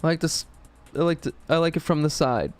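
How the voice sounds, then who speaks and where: A man's voice: on the high side, fast talker, soft background music. A man streaming a game, talking casually in a rambling, profane way. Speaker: gaming streamer.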